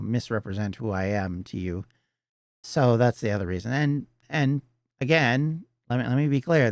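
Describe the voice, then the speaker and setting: A man's voice: mid-range voice, dry recording, studio quality. A middle-aged Canadian man hosting a podcast, talking earnestly in a rambling solo monologue full of restarts. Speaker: podcast host.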